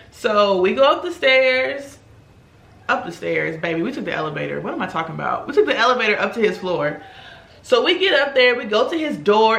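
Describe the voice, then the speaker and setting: A young woman telling a story in a casual, chatty way while doing her makeup. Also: mid-range voice. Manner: chatty, animated, acts out quoted voices. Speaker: beauty vlogger. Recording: echoey room.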